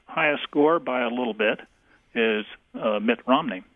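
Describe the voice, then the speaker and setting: A man who is an English professor, answering questions on a radio call-in show, halting with many fillers. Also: mid-range voice, no echo. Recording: tinny phone line.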